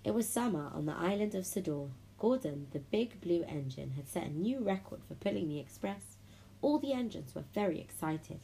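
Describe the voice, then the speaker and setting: A woman reads a children's storybook aloud in a low, slightly gravelly voice. Her delivery is lively and friendly, slipping into little character voices. Faint hiss sits under the recording. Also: normal speed, poor audio. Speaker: children's audiobook reader.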